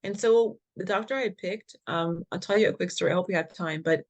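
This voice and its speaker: A woman guest in an interview, speaking as a patient advocate and telling a frank, lively story that acts out the dialogue, with easy laughs and punchy slang asides. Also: on the low side, fairly quick, muffled recording.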